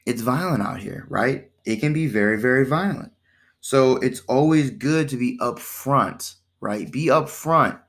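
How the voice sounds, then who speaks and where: A man talks through his podcast in a loose, conversational monologue at an ordinary middle pitch. He keeps it animated, checks in with the listener, and slips into other voices for the exchanges he retells. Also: measured pace. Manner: animated, acts out quoted exchanges in shifting voices; conversational, with repeated "right?" and "you know". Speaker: podcast host.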